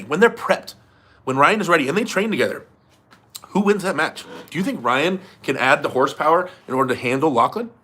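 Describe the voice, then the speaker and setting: A man's voice: medium pitch, pushed and bright. A young man hosting a livestream, reading super chats in loose casual chat, swearing and laughing often.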